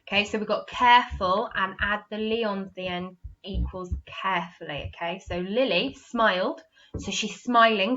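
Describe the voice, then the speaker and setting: Female primary teacher, slow and patient, bright tone, muffled lo-fi recording. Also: mid-range voice. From England. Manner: slow, patient, explaining step by step with frequent "okay?". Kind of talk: recorded online lesson.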